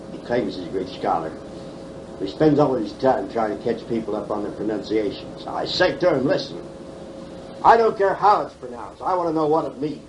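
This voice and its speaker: Elderly man teaching the Bible emphatically. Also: medium pitch. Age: 70s. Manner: emphatic, questioning, folksy humor. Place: conference hall. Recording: faint background noise, 1979 tape.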